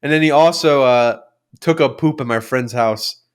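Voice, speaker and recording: A young man co-hosting a podcast, telling animated, sweary stories about his family. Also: moderate pace, clear, resonant tone. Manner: animated, sweary, acts out family members in shrill voices. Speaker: podcast co-host. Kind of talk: casual chat.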